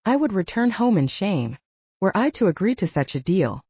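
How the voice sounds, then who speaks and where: A woman's voice: medium pitch, very animated, moderate pace, darkish tone, breathy edge, no echo, highs cut off. Woman putting on a sing-song wandering trader. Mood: haggling. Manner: sing-song, much too happy, formal.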